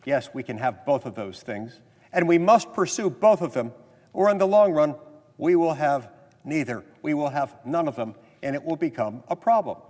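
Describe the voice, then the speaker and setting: A US senator whose voice is a little high and a little mellow speaks expressively at a normal pace in the legislative chamber. His floor speech goes from storytelling, with others mimicked in quotes, to earnest insistence, all carrying a long reverb.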